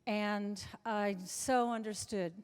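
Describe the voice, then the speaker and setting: Slow and clean-toned, with fairly even intonation and a mid-range pitch, this seventy-something woman is a guest in a live interview. She spins lengthy anecdotes full of restarts in a chatty way, speaking to an audience in a big club function room, and the hall reverberates.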